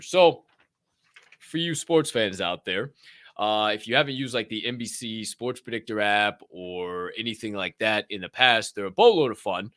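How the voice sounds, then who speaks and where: A man's voice: fairly low pitch, a bit bright, dry recording, clean studio sound. A man hosting a podcast, giving casual news commentary in a joking, profane way, reading items aloud with asides. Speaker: podcast host.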